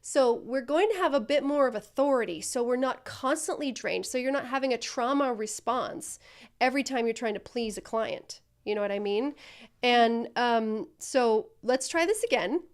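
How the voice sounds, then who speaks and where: A woman's voice: a little high, moderate pace. A woman coaching a student through customer service role-play, speaking directly and encouragingly.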